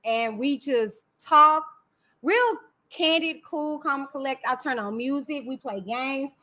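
A woman with a Texan accent hosts a casual live stream. Her voice sits high and rings bright. She talks candidly and with energy straight to her viewers, full of "y'all" and "you know what I'm saying". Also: slow. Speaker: livestream host.

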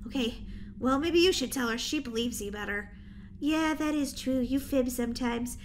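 A woman's voice: sits high, normal speed, slight background noise, pitched below the performer's own voice, lightly acted. A woman voicing Daisy, a teasing, bossy older sister in a Roblox role-play with a dry manner. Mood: matter-of-fact.

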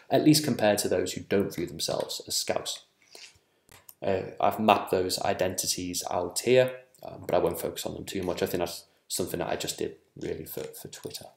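A man presenting survey research at a conference, measured and full of ums and small self-corrections. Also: low voice, vocal fry, echoey room.

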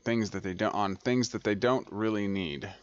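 A man's voice: lowish voice, moderate pace. A man hosting a gaming channel, chatting casually over gameplay, thinking aloud and correcting himself as he goes. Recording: dry, slightly dull home recording.

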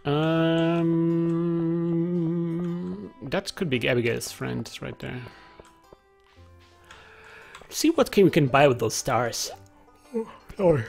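A man's voice: medium pitch, expressive, slow pace, vocal fry, pauses often, faint music behind. A man giving casual let's play commentary, chatty, thinking aloud and reading game text aloud.

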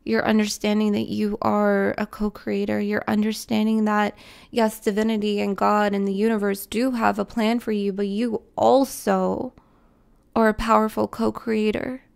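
A woman with a gravelly, creaky voice gives a heartfelt tarot reading straight to her viewers. She is emotional and close to tears, repeats herself for emphasis, and swears casually along the way. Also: medium pitch, flat delivery, moderate pace, a little mellow. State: tearful, emotional. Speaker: tarot reader. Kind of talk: spiritual tarot reading to camera.

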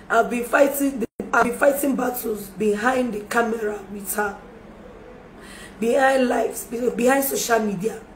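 Pleading woman in an echoey room. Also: a little high. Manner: pleading, repeats apologies and requests for forgiveness. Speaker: livestreamer making a public apology. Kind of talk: emotional live-stream appeal. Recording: echoey room with faint background noise.

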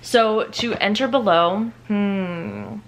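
A woman's voice: mid-range voice, takes it slowly, gravelly, slight background noise. A young adult woman chatting casually at home in a rambling, self-mocking way as a book vlogger. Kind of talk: casual vlog chat. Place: home, indoors at night.

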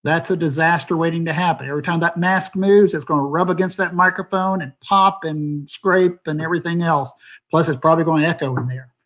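Rambling man, higher voice, on a video call. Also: fairly even intonation, fairly quick, a bit bright. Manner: rambling, candid, many fillers. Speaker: theater sound designer. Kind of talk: panel talk on a video call.

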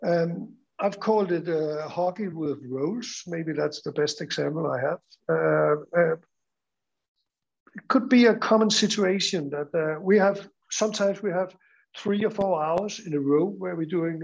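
Man, Danish accent, slightly high voice, hesitant with many fillers, dull lo-fi online audio. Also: a little slow, vocal fry. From Denmark. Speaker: school teacher presenting at a conference. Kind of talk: conference talk.

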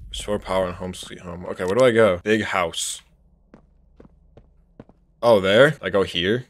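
This horror game streamer's voice sits low, and he speaks unhurriedly with frequent pauses. He reacts jumpily, swears, shouts when scared and keeps talking to his chat.

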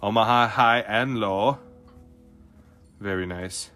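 A young man hosting a card pack opening, talking in an animated, slangy way with lots of "dude" and "bro". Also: on the low side, slow pace. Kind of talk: excited live commentary on pack openings. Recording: faint music behind.

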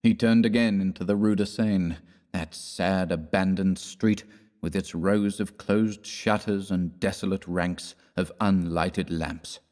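A man narrating a classic horror story in a measured, dramatic storytelling manner. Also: low-pitched, steady tone, darkish tone, long reverb tail. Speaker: audiobook narrator.

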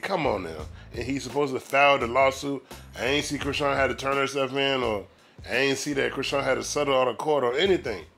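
A man's voice: fairly high pitch, fairly bright tone. A man giving casual commentary on a clip in a blunt, profane and incredulous way.

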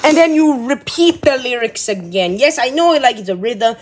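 A woman's voice: a little high, expressive, moderate pace, a little hiss or hum. A woman giving casual, exasperated reaction commentary, laughing and swearing freely. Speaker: video reactor.

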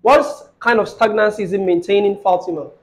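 Brief: male tutor with a high voice, patient, checks in often, repeats each phrase slowly. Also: rough recording. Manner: asks the student questions and repeats phrases slowly. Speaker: Arabic grammar teacher. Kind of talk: live online lesson with a student.

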